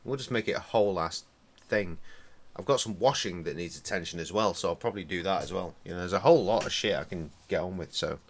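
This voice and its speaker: A man's voice: low-pitched, fast talker. A man chatting and swearing casually while streaming a game and tending to his dogs. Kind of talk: casual live-stream commentary.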